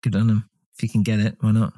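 A low-voiced man chats loosely on a podcast, tossing in wry reactions and offhand opinions. His voice sits close and dry on the mic. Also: level tone, fast, mellow, no echo. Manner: laid-back, joking reactions. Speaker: podcast co-host. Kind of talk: casual film discussion.

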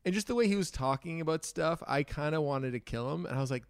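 A man speaking as a podcast guest, talking things through in a relaxed casual way. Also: on the high side, quick pace, clear, resonant tone, dry recording. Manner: relaxed, thinks aloud. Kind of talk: casual chat.

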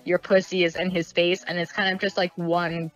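A woman's voice: lowish voice, little pitch movement, normal speed, fairly bright tone, highs cut off, faint music behind. A woman talking openly in a casual podcast chat, laughing often and acting out little quoted asides. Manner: frank, giggly, lots of fillers and acted asides.

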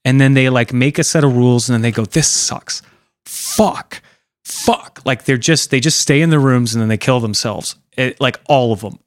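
A man's voice: medium pitch, fast, hardly any pauses, clean tone, dry recording, studio quality. Rambling, swearing young man podcaster. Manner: loose, rambling, swears a lot, acts out voices. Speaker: podcast host. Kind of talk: casual comedy podcast banter.

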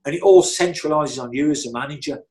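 A middle-aged man talks fast in a slightly high, slightly mellow voice while telling rambling, chatty anecdotes as an interview guest, full of restarts and "you know"s.

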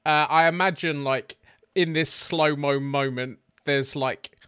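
Animated man playing a tabletop game. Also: on the high side, measured pace, clear, resonant tone, no room sound, clean studio sound. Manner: animated, rambling with fillers. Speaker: player. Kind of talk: casual chat at a game table.

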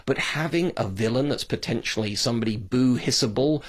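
A British man hosts a podcast, delivering a casual monologue that's chatty, digressive, and opinionated. His voice is mid-range and he talks a little fast.

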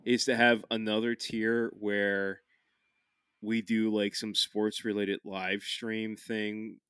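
Rambling podcast host guy, bright voice, swears a lot, dry sound. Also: fairly low pitch, level tone, slow, clean tone, dry recording. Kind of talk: casual chat.

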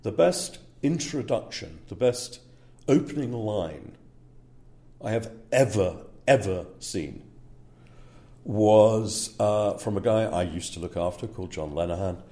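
A man talking casually in an interview about his work as a speaker agent. His voice is low and mellow. He hesitates with fillers and checks in with the listener with a frequent "yeah?". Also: expressive, unhurried.

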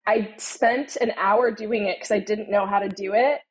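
A young adult woman speaking as an interview guest, telling stories and explaining vocal habits in a relaxed, chatty way, with many "you know" and "like" fillers. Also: mid-range voice, moderate pace, poor audio. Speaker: guest, tone-of-voice consultant. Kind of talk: casual conversational interview.

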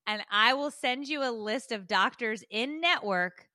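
Woman doing a brisk, helpful call-center agent. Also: on the high side, animated, pushed and bright, no echo, clean studio sound. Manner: brisk, helpful phone-service tone. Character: polite female insurance call-center agent.

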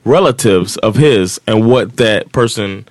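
A man's voice: on the low side, a little slow, no echo. Man from Miami telling a loose story. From Miami, USA. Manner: laughing, loose and profane. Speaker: podcast co-host. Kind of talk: casual storytelling.

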